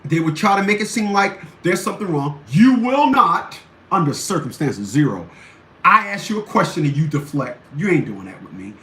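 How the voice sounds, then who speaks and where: A man's voice: on the high side, big pitch swings, a little fast, sharp tone. A male show host giving blunt, combative commentary and hammering his points home with repetition. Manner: blunt, combative, repeats phrases for emphasis. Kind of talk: ranting commentary. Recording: roomy echo, faint background noise.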